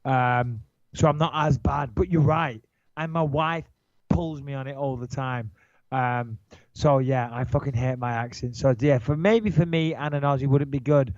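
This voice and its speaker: A man with a nasal Manchester-area English accent, co-hosting a podcast in brash, swearing, animated banter. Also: mid-range voice, moderate pace, no room sound, muffled recording. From England. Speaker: podcast co-host.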